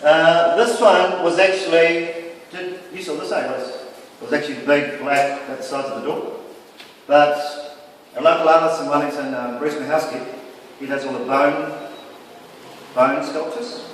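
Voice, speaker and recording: A man's voice: on the high side, steady tone, measured pace, long pauses, distant mic, a little hiss or hum. A man giving a casual, rambling floor talk about his artworks in a gallery. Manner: rambling, casual, with many "sort of" and "like" fillers. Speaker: exhibiting artist. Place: gallery, indoors. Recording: echoey gallery picked up from afar.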